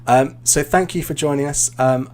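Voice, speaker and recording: A British man, an IELTS teacher, giving relaxed, explanatory feedback in a live online class, with plenty of ums and uhs. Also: fairly high pitch, normal speed.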